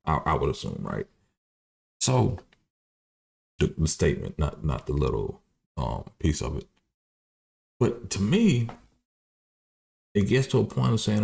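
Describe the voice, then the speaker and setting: A man's voice: sits low, expressive, normal speed, vocal fry, long pauses, a little mellow. A man hosting a livestream, giving loose, profane political commentary with many restarts. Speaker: livestream host.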